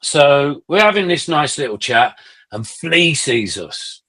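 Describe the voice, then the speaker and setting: A middle-aged man, a musician guest on a podcast, telling animated anecdotes in casual conversation and swearing freely. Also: fairly high pitch, slow.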